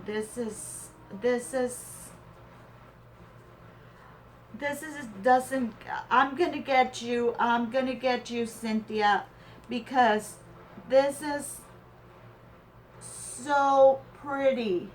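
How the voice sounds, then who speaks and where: Woman, high voice, very slow delivery, teary and gushing, opening a craft gift, faint hiss behind. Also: steady tone. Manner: gushing, slow and tearful with awe. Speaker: crafting channel host. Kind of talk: emotional unboxing of a craft swap gift.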